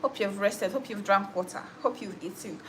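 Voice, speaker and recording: A young woman doing a doting male fan, fussy and repetitive, mid pitch. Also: brisk, slight background noise, natural voice. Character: overly caring male fan checking in.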